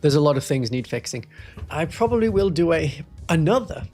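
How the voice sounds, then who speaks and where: The Warhammer streamer, a Northeast Englishman with a toned-down accent, keeps up a wry, wandering chat with his live audience. His voice leans high and darkish at a moderate pace, with soft background music on the studio-mic recording.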